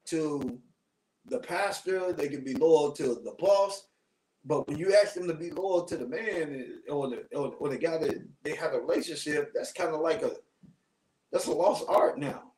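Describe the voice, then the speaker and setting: A man's voice: on the high side, darkish tone, roomy sound, recorded from a distance, poor audio. A man guest-hosting a casual live talk show, rambling with frequent restarts and fillers. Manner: rambling, repeats himself, frequent ums and restarts. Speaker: guest host.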